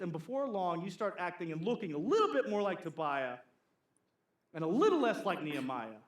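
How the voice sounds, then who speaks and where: Animated high-voiced preacher, echoey church. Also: male voice, a little fast. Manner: animated, acts out gossiping church members in playful voices. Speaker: pastor. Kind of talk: sermon.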